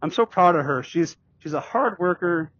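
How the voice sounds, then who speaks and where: A middle-aged man vlogging while riding a bike, telling a personal story in a halting, rambling way with many restarts and fillers. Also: a little high, animated, a bit bright, no echo, highs cut off. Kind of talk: casual storytelling vlog. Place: outdoors on a bike.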